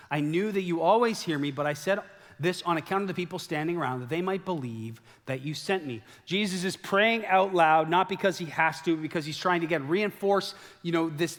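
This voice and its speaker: A man preaching a sermon as a pastor, telling the story in a lively way and acting out the quoted lines. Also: on the high side. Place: church sanctuary. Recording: long hall reverb.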